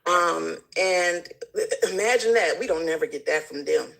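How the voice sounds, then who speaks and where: A woman's voice: fairly low pitch, unhurried, creaky, fairly bright tone, poor audio. A woman guest in casual conversation, telling stories animatedly and acting out the people she quotes. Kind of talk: casual chat.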